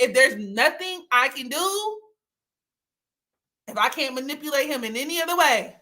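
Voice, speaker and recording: Bright-voiced young woman, candid and laughing. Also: high-pitched, animated, normal speed, long pauses. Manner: candid storytelling with frequent laughter; swings into dramatic, teary mock outbursts. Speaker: livestream host. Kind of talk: casual chat.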